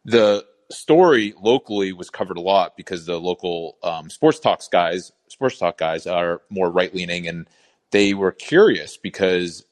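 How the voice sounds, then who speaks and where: A man from Boston calling in, steadily laying out his argument. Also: low voice. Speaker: caller. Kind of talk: call-in opinion.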